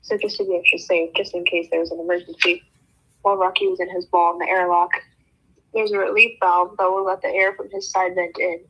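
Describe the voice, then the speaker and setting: A woman's voice: on the low side, level tone, brisk, sharp tone, breathy edge. A woman reading a novel aloud for a book club, breaking off now and then for joking comments. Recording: dull lo-fi sound.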